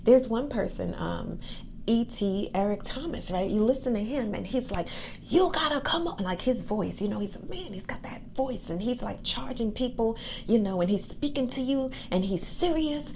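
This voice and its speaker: A woman hosting a podcast, giving a calm, soft-spoken motivational pep talk about faith and gifts as a coach. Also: mid-range voice, normal speed, creaky, a little hiss or hum. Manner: faith-based encouragement. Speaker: podcast host and accountability coach.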